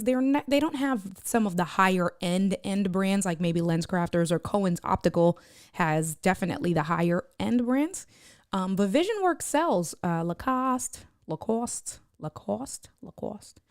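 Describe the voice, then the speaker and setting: A woman's voice: fairly low pitch, a little mellow, no echo, studio quality. A woman live streamer chatting casually and rambling to her viewers, reading their chat messages aloud. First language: Spanish (bilingual).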